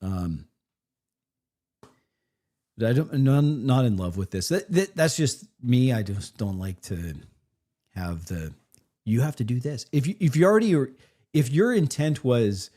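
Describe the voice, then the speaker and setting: A man's voice: mid-range voice, big pitch swings, a little slow, pauses often, mellow. A man critiquing a recorded game session on a live stream, rambling with frequent restarts. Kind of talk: live reaction commentary.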